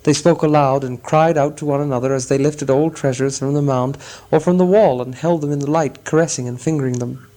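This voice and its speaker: A man narrating a storybook in a measured, expressive reading style. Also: on the high side. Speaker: audiobook narrator.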